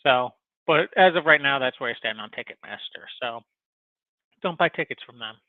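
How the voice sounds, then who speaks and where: A mid-range male voice at a moderate pace belongs to a podcast host telling an extended, expletive-heavy story stuffed with filler words and animated energy. It sounds tinny and phone-like, with no echo.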